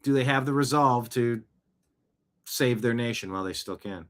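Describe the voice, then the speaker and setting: A man hosts his own news show and delivers heated commentary in a voice of middling pitch. He fires off one rhetorical question after another, indignant and unrelenting. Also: normal speed. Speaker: show host.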